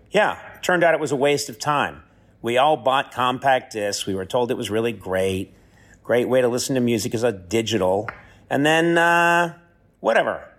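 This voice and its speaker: A man's voice: medium pitch, a bit bright. A man recording a comic, rambling answer that keeps mocking his own choices. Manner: rambling, self-mocking, talks himself into a corner. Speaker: guest sending a recorded answer. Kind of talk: comic monologue.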